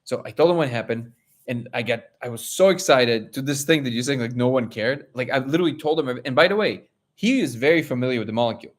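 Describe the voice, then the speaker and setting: A man hosting a live discussion, telling a personal story in an animated way and acting out quotes. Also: mid-range voice, quick pace. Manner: animated, acts out quotes, many restarts. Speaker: host.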